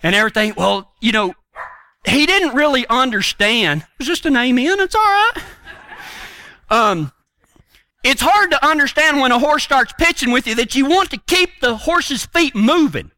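A man's voice: extremely high pitch, animated, moderate pace, bright, forceful tone, no echo. A middle-aged man and horseman preaching through a folksy, earnest story in a rambling way.

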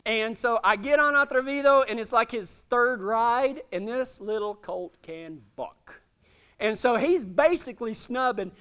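A man telling a self-deprecating, humorous story in a sermon, animated and laughing often. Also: very high voice, clean tone.

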